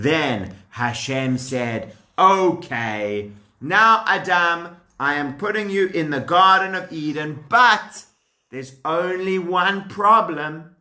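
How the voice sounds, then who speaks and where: A man telling a story to young children in a playful, animated way, joking and asking his listeners questions. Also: on the high side, slow pace. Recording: echoey room.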